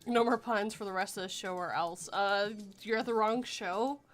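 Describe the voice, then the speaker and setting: A woman's voice: medium pitch, normal speed, soft background music. A woman hosting a casual livestream chat, giggly and punny, reading viewer messages aloud. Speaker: podcast host.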